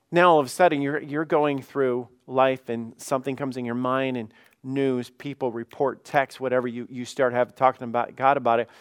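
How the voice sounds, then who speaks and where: A man's voice: a little high, no echo, clean studio sound. A man preaching as lead pastor, talking conversationally and acting out honest prayers and everyday dialogue with rising emphasis. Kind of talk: sermon.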